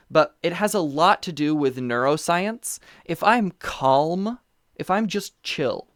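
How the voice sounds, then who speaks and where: A person chatting casually over a remote call, telling animated stories with many fillers and restarts. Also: medium pitch, dry recording, studio quality. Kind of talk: casual conversational chat. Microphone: remote call mic.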